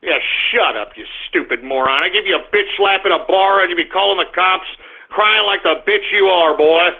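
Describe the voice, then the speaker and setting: Ranting high-voiced man, tinny sound. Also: moderate pace, gravelly. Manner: crude, belligerent, prone to shouting outbursts. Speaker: internet radio host. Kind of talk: live streamed radio rant. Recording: tinny phone-like audio.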